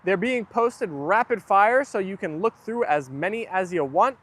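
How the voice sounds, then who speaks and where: A man's voice: high-pitched, animated, normal speed, fairly bright tone. A young man hosting a casual livestream, chatting and reading viewer comments aloud. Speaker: livestream host. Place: outdoors near a garden.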